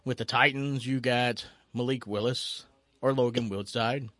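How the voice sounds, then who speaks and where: A man hosting a casual sports chat, excitable, laughing often and stumbling over repeated words. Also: medium pitch, measured pace, dry recording. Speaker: sports talk host.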